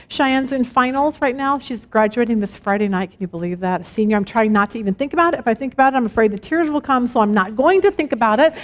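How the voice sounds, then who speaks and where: A woman's voice: a little high, quick pace, few pauses. A middle-aged woman teaching a women's Bible study, telling personal stories and checking in with her listeners with a frequent "okay?". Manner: animated, storytelling with frequent "okay?" check-ins.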